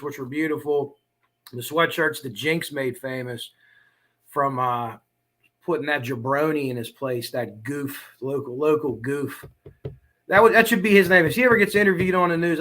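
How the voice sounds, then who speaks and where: A man hosting a casual true crime livestream, rambling through asides and tangents, frank and profane, clearing his throat now and then. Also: fairly high pitch, bright, forceful tone. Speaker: true crime channel host.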